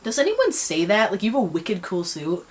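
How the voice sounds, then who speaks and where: A woman's voice: medium pitch, huge pitch swings, normal speed. A young woman vlogger, talking casually and mocking herself as she rambles, using lots of fillers. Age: young adult. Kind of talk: casual commentary on reading.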